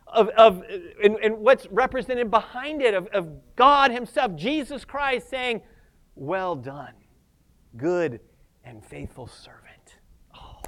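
A man with a high voice preaches fervently to his congregation, his talk peppered with Hallelujahs and Amens. He moves between rising excitement and quieter asides, sometimes laughing at himself. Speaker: pastor. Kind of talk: sermon.

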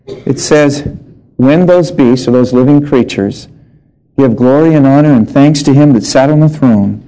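A man's voice: medium pitch, unhurried, warm tone, poor audio. A middle-aged male pastor preaching a sermon, reading scripture and telling humorous personal stories.

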